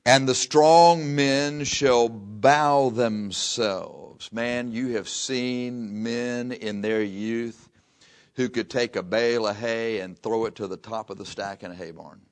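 An older man preaching a folksy sermon, reading scripture slowly and telling homespun stories. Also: lowish voice, fairly even intonation. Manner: slow, drawn-out scripture reading mixed with chatty anecdotes.

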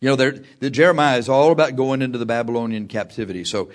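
A man preaching a sermon, telling a personal story with lively delivery, laughing often and shouting at the big moments. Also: mid-range voice, fast, hardly any pauses.

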